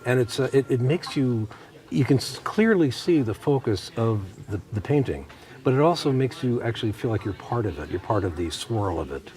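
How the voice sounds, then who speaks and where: Male art commentator, mid-pitched, chatty, halting, restarts often. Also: animated, darkish tone. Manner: hesitant, many fillers and restarts, chatty. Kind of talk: unscripted on-air commentary. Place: TV studio.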